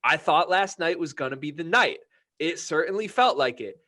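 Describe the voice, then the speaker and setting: A young man co-hosting a sports podcast, his voice sitting a little high for a man. He rants with fired-up, profane energy and builds each point toward a heated peak. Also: animated, moderate pace, pushed and bright. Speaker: podcast co-host. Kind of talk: casual sports podcast chat.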